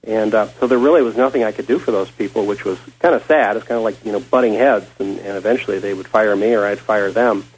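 A man's voice: on the low side, quick pace, few pauses, slightly rough, poor audio. A man hosting a casual talk show, a former psychotherapist who rambles with many fillers and restarts.

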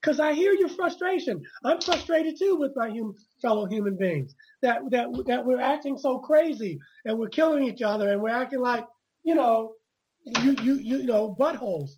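Author guest, female, husky voice, earnest with stumbling restarts. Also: on the high side, animated, normal speed, darkish tone, low-quality recording. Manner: earnest, repetitive stammering starts. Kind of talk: conversational interview.

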